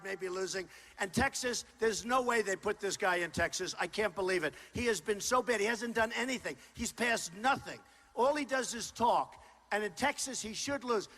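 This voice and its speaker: A political candidate in his sixties gives a campaign rally speech to a crowd in a large rally hall, his high-set voice forceful and tense. He ad-libs, repeats himself and keeps loudly pushing the same points.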